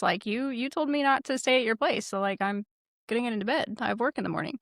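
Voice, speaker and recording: A woman co-hosting a podcast, telling stories casually, profane and animated. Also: medium pitch, fast, no echo, clean studio sound. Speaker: podcast co-host.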